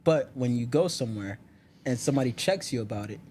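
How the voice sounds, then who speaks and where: Young man, podcast guest, casual chat, animated storytelling, frequent laughter, faint background noise. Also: medium pitch, quick pace. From Miami, United States.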